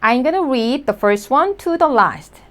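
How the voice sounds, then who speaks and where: A woman's voice: high-pitched, lively intonation, moderate pace, a bit bright. A woman teaching a language class, patiently repeating each sound for learners. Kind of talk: slow spoken lesson.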